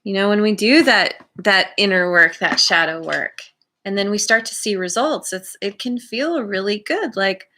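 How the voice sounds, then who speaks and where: A woman giving a tarot reading for her channel, musing aloud in a slow, rambling way with many restarts. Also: mid-range voice, sharp tone, slight background noise. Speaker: tarot reader.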